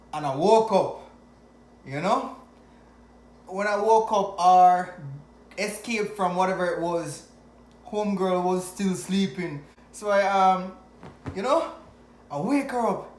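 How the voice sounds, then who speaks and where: A man from Jamaica with a Jamaican accent, telling a personal story to camera in an animated way, often chuckling. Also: sits high. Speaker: vlogger. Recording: echoey room.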